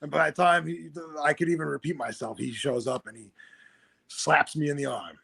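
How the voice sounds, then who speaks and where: A man in his thirties telling backstage wrestling stories in a casual, animated way, acting out the voices of the people he quotes. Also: a little high, moderate pace, creaky, a little hiss or hum. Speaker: guest wrestler. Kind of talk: casual storytelling.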